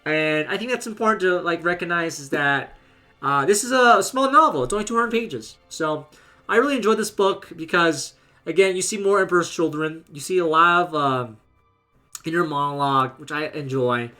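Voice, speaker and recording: A man's voice: on the high side, moderate pace, sharp tone, faint music behind. A man giving a casual, rambling book review, leaning heavily on filler words as he retells the plot.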